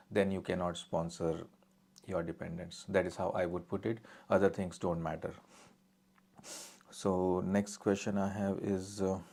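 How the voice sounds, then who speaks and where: He's an immigration adviser doing a live-stream Q&A, his male voice deep, flat and gravelly. Each viewer question gets read aloud before he answers plainly and directly.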